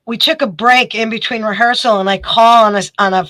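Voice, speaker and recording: A woman, a guest telling a story in casual chat, animated and quick. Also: on the high side, no room sound, rough recording. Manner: animated, quick storytelling with bursts of acted quotes.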